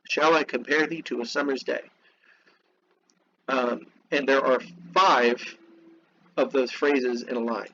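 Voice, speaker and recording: A man teaching a literature class, reading from a text and breaking off into slow, repeated explanations and asides to his students. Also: mid-range voice, fairly even intonation, bright, forceful tone, muffled recording, a little hiss or hum. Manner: slows down to spell out terms, asides to students.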